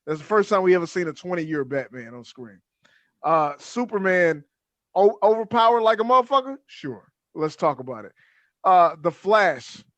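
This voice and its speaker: A man with a fairly high voice co-hosts a podcast in loose, profane chat about a movie. He keeps tossing in "man" and restarts his sentences as he gets worked up. The sound is dry, with no room around it. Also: animated, moderate pace, a bit bright, no room sound. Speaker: podcast co-host. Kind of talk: casual film review chat.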